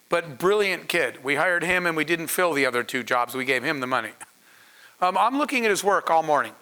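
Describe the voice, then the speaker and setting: A man, a startup founder, telling stories to an audience in an animated way, laughing and acting out dialogue. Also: fairly high pitch, rough recording. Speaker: startup founder and panel speaker. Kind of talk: storytelling talk to an audience.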